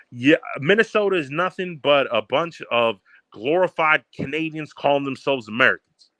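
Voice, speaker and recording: A man's voice: fairly high pitch, lively intonation, moderate pace, sharp tone, no room sound. Brash young man trash-talking, dry sound. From Baltimore, Maryland. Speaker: podcast co-host. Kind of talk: heated sports banter.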